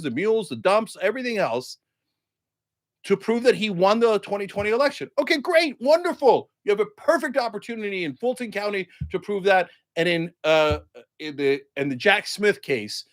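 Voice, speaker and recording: Lively high-voiced sarcastic male commentator. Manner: mocking, animated, sarcastic. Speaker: political commentary host. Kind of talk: political commentary monologue.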